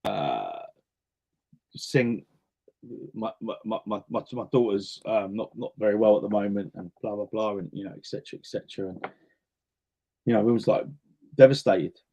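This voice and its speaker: A man's voice: fairly low pitch, animated, moderate pace, gravelly, long pauses, mellow. Chatty man telling anecdotes. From North West London. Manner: chatty anecdotal storytelling, repeats words while thinking. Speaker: interview guest, singer and actor. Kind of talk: casual interview chat.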